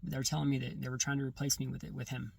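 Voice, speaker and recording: A man recounting a personal testimony in casual first-person storytelling, halting and often restarting or correcting himself mid-sentence. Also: mid-range voice, little pitch movement, creaky, a little mellow, husky, far from the mic.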